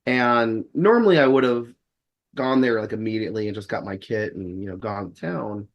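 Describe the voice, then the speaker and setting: A podcast guest with a lowish voice tells a story at normal speed in casual conversation, wry and rambling, often restarting and acting out the dialogue he quotes. The audio sounds dull.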